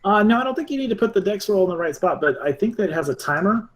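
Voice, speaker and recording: A man's voice: high-pitched, expressive, rapid-fire. A man running a tabletop game as game master, narrating loosely with lots of fillers. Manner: loose, laughing, with many fillers.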